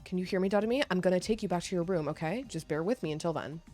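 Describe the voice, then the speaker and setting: Woman doing a caring young guy student, soft reassuring tone, kinda low voice. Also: rapid-fire, faint music behind, close to an everyday voice. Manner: worried, gently reassuring. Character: young male student, earnest leader.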